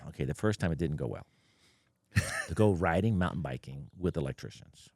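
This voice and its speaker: A man's voice: very deep voice, moderate pace, vocal fry, pauses often, husky, dry recording, studio quality. An older man, a guest on an interview podcast, telling stories bluntly and acting out both sides of conversations. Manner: blunt, animated, quotes others in dialogue. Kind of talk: casual interview storytelling.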